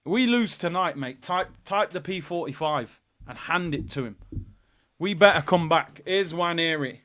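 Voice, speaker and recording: A young man hosts a live football watchalong. His high, bright voice keeps breaking into exasperated rants and loud outbursts at his team's defending. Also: lively intonation, a little slow. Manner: ranting, exasperated, frequent shouting. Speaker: fan watchalong host.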